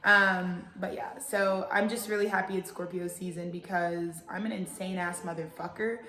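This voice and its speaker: A young woman hosting a tarot channel, talking in a casual, rambling and profane way with animated jokey asides. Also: lowish voice, normal speed, a little hiss or hum. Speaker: tarot reader and channel host. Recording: echoey room.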